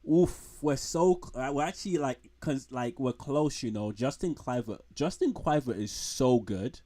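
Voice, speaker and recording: A man's voice: mid-range voice, expressive, measured pace, mellow. Male streamer, mid-range voice, loose rambling slangy chat from home. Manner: rambling, frank, trash-talking with slang. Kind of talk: casual live-stream commentary.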